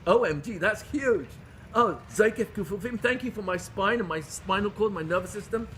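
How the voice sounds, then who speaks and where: Rabbi, middle-aged man, high-pitched, emphatic and repetitive, lecturing. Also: normal speed, fairly bright tone, slight background noise. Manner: emphatic, repeats phrases for stress, rhetorical questions. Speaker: rabbi teaching a class. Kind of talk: lively Torah lecture.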